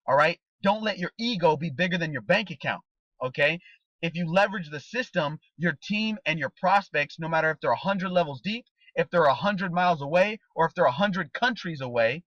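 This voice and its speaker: A man coaching a team in a motivational training talk, his slightly raised voice bright and forceful. He drives points home with rhetorical questions and checks in with "okay?". The recording is dry and a little dull. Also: a little high, dry recording. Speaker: network marketing trainer.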